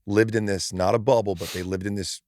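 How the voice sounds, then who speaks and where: A man's voice: lowish voice, fairly even intonation, brisk, darkish tone, no echo, clean studio sound. A man hosting a podcast, reflective and frank, swearing casually as he shares his thoughts. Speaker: podcast host. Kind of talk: casual chat.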